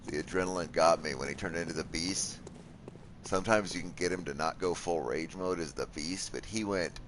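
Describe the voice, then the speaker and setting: A man's voice: deep voice, slight background noise. A man casually commenting on his gameplay, joking, swearing and talking to the enemies on screen. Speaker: gameplay streamer. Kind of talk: casual let's-play commentary.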